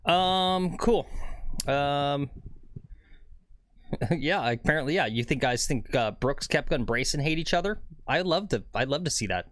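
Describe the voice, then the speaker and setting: A man's voice: fairly high pitch, animated, unhurried, fairly bright tone, no room sound. A man hosting a golf livestream outdoors, chatting casually to viewers and rambling, often tagging on "right?". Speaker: livestream host on a golf course. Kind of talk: casual live commentary to chat.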